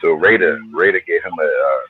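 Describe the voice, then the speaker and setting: A man's voice: low voice, fairly quick, narrow, tinny audio, a little hiss or hum. A middle-aged man from New Jersey, a hip hop artist telling stories in a laid-back, slangy, profane way. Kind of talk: casual storytelling interview.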